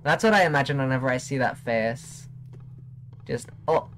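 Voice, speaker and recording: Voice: mid-range voice, lively intonation, fairly quick, a bit bright, a little hiss or hum. A streamer chatting casually during gameplay, playful and giggly, teasing chat.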